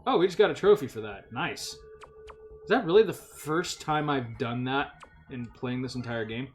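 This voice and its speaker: A man's voice: medium pitch, animated, normal speed, soft background music. A man hosting a casual video game playthrough, swearing and laughing easily as he plays. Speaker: let's play host. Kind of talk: casual gaming commentary.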